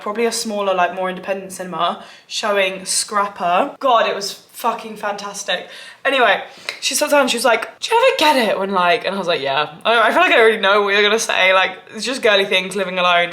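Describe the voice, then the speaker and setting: A woman's voice: mid-range voice, a bit bright. A young woman vlogging casually, chatty and gushing, with lots of "like". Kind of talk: casual vlog chat.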